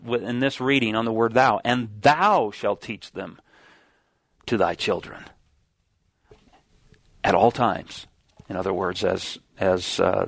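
A man preaching a sermon, reading scripture slowly and stressing key words, with some restarts as he explains. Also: medium pitch, fairly bright tone, no room sound.

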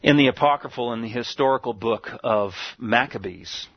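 Male preacher, mid pitch, deliberate sermon delivery, lo-fi dry recording. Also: no room sound. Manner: slow emphatic scripture quoting, some restarts. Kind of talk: sermon with scripture reading.

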